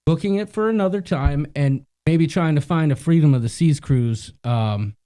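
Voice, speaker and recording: A man's voice: on the high side, normal speed, mellow, clean tone. A man co-hosting a live cruise show, chatting casually, telling stories and reading out viewer comments. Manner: chatty storyteller, reads viewer comments aloud. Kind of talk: casual live-stream chat.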